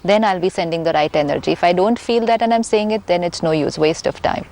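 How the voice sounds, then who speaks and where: A woman, a spiritual teacher explaining her ideas calmly and patiently, repeating key points for emphasis. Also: lowish voice, fast. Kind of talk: calm explanatory talk.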